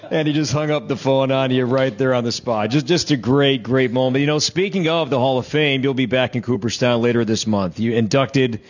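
A man's voice: mid-range voice, a little fast, few pauses, lo-fi sound. A man hosting a broadcast interview, asking questions in an upbeat, conversational manner. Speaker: host, broadcaster.

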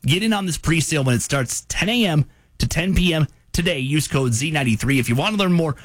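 Morning rock DJ, male, husky dry voice, animated pitch, brisk promo reads. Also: no room sound. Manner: brisk announcer delivery, laughs easily. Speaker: radio host. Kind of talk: morning radio show, ads and banter.

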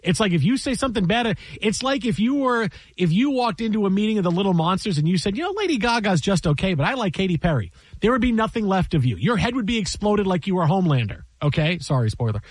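A man in his fifties hosts the conversation in a high, lively voice. He tells animated stories and acts out the quotes of others. The sound is dry and close. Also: quick pace, hardly any pauses, no echo. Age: 50s. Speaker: radio show host. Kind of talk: casual chat.

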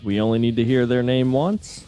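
A man's voice: mid-range voice, normal speed, warm tone, soft background music. A man working as a show's video producer, casually explaining a trivia category in studio banter.

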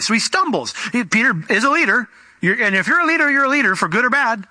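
A male pastor delivering a sermon in a relaxed, talky manner, slipping into voices for the people in his stories. His voice is very bright and a little high, recorded dry and close. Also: rapid-fire, no echo. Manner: conversational storytelling preacher, acts out Bible characters in voices.

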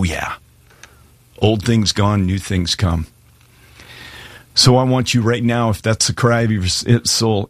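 Deep husky-voiced pastor preaching. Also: male voice, no room sound. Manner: earnest, pleading, varies pace for emphasis. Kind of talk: sermon with altar call.

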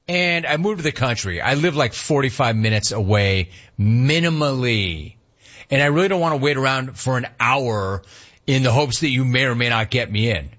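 Animated husky-voiced man telling a story. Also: normal speed, lo-fi sound. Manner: animated, acts out the other voices with sharp pitch jumps. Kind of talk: casual storytelling.

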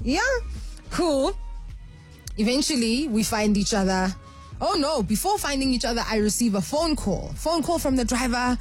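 Radio host, woman, slightly high-pitched, animated storyteller, faint music bed. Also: moderate pace, husky. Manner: animated storyteller, acts out voices. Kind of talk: call-in radio chat.

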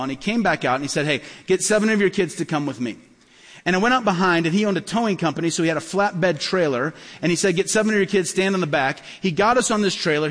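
A man preaching as a pastor, telling stories in a lively way and acting out the dialogue. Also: high-pitched. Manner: animated, acts out dialogue in stories. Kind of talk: sermon with storytelling. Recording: long hall reverb.

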